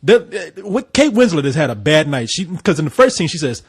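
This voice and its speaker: A man co-hosting a casual film review podcast, animated and profane, acting out scenes as he talks. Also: on the high side, brisk, slightly rough. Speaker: podcast co-host.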